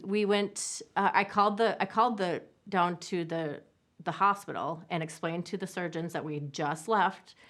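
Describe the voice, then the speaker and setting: A woman, a mother recounting her family's story in a halting, heartfelt interview. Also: on the low side, fairly bright tone. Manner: halting, with many restarts, reliving events. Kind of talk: personal testimony interview.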